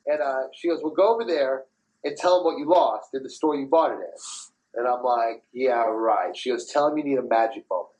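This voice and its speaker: A man in his thirties hosting a podcast, telling profane, animated anecdotes in casual chat and laughing as he goes. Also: mid-range voice, a little fast, low-quality recording. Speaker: podcast host.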